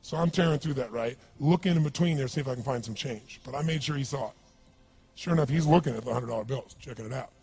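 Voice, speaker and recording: A man's voice: medium pitch, fast talker, music in the background. A man giving a motivational seminar talk, telling a story with energy and asking the crowd questions. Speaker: motivational speaker.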